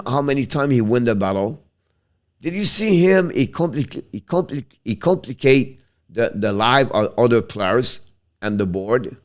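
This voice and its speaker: A man with a Quebec French accent hosts a casual hockey live stream, answering viewers haltingly, restarting sentences often and switching between English and French. He speaks at medium pitch.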